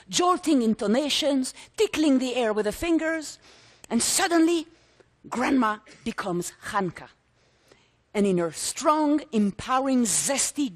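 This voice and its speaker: Dramatic woman telling a story. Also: a little high. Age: 60s. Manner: dramatic, theatrical, with vivid lists and emphatic repeats. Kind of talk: stage storytelling performance. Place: conference stage before a live audience.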